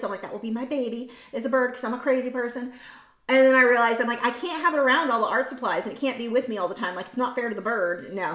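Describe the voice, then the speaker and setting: A woman draws on an art livestream from her home studio, making casual, rambling conversation and reading viewers' comments out loud. Her voice is mid-range and a bit bright, recorded in an echoey room.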